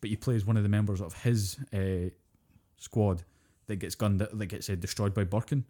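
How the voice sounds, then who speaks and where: A man, co-hosting a podcast and retelling a video game's story in casual, animated chat, swearing freely as he goes. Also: lowish voice, normal speed. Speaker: podcast co-host.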